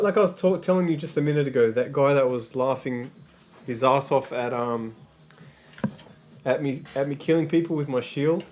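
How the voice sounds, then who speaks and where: A man's voice: fairly high pitch, darkish tone. Rambling, foul-mouthed male streamer. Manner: rambling and profane, with frequent stammered restarts. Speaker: livestreamer. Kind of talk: casual livestream chat.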